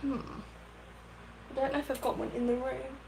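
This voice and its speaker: A woman's voice: sits high, fairly even intonation, normal speed, gravelly, mellow, slight background noise, rough recording. A woman hosting a casual craft livestream from her home craft room, chatting, thinking aloud and thanking viewers by name. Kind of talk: casual live-stream chat while crafting.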